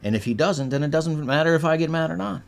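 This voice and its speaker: A middle-aged man from Michigan, a podcast guest telling a story in a casual, animated way and acting out the quotes. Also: a little high, fast, vocal fry. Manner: animated storyteller, acts out quotes with swings in loudness.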